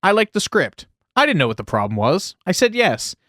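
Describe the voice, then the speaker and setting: A man's voice: high voice, sing-song, a little fast, bright, forceful tone, dry recording, studio quality. A man co-hosting a casual podcast, reading out film history with wry, sarcastic asides. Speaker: podcast co-host.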